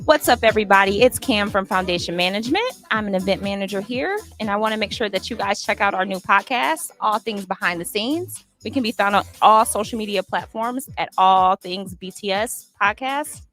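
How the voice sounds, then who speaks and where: A woman's voice: mid-range voice, brisk, hardly any pauses, a bit bright, soft background music. A woman event manager reading a friendly, casual podcast promo.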